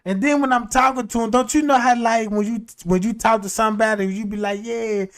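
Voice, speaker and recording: A man's voice: high voice, steady tone, quick pace, a bit bright. A man telling a rambling, profane anecdote in casual storytelling, laughing often. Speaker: streamer.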